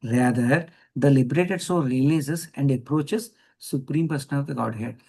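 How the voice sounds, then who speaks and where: A man's voice: medium pitch, normal speed, creaky, dark tone. A man giving a devotional scripture lecture, repeating key lines and checking with his listeners. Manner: repeats key phrases, asks "yes or no?" to the audience. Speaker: scripture teacher.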